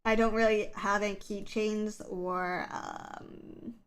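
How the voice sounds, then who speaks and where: A woman's voice: mid-range voice, fairly even intonation, slow. A woman streamer chatting casually on a livestream, rambling with lots of fillers, her voice scratchy from the early morning.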